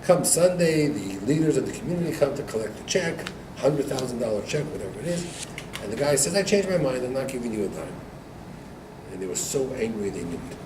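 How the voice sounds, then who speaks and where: A man, a rabbi, teaching a Torah class to students, telling a story with lively acted-out dialogue and frequent laughter. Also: medium pitch, brisk, a crowd in the background. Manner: animated joke-telling, acting out dialogue, laughs often. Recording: echoey room recorded from far off, noisy.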